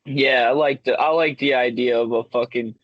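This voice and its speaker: A man's voice: mid-range voice, fairly even intonation, normal speed, no room sound, dull audio. Young male podcast co-host, giggly and profane, dry mic. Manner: laughs a lot, swears casually. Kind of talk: casual comedic chat.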